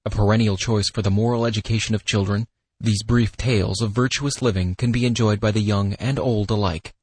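Lowish, husky male announcer, formal promo read, dry recording. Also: steady tone, a little fast, darkish tone, dry recording. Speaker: podcast announcer. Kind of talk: scripted announcement.

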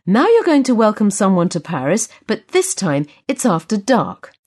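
Woman, lesson presenter, patient instructions, husky, animated intonation. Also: medium pitch, normal speed. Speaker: course presenter. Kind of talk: scripted language-lesson narration.

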